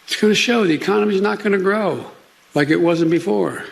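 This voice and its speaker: A man speaking at a press conference in halting phrases that he keeps restarting. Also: high-pitched, vocal fry.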